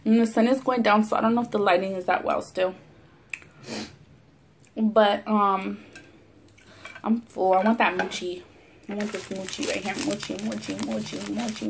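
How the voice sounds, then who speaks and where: A young woman with a Los Angeles Chicano English accent tells stories animatedly between bites, swearing freely. Her voice sits at a middling pitch for a woman. She talks casually into a camera set on the table at home. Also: background noise. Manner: profane, animated storyteller. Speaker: mukbang vlogger. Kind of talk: casual storytelling while eating. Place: home, near a window at sunset.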